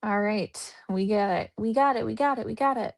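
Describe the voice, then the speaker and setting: A woman hosts a true crime livestream in a loose, chatty way, cracking sarcastic jokes as she goes. Her voice sits a little on the high side. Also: brisk, creaky. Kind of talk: casual livestream commentary.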